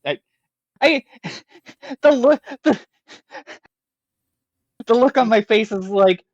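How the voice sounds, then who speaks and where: A man's voice: extremely high pitch, slow pace, lo-fi sound. A man playing a tabletop game, speaking casually and swearing freely. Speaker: player.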